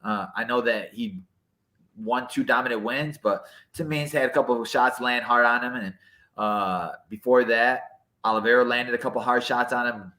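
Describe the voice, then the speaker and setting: A man's voice: mid-range voice, moderate pace, bright, forceful tone, reverberant, low-quality recording. A man co-hosting a podcast, giving laid-back casual chat and plain fight analysis.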